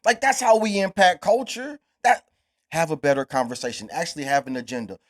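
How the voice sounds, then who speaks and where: A man from the United States hosts a podcast and argues hard, pressing his points with profane, emphatic bursts. His voice sits high for a man. He drives each line home with swelling force. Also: fairly quick. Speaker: podcast host. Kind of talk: heated podcast debate.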